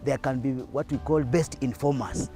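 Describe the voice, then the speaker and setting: A man with a mid-range voice talks in a documentary interview. He speaks haltingly and often restarts his phrases. Light music sits beneath him. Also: medium pitch, fairly even intonation, creaky, dark tone.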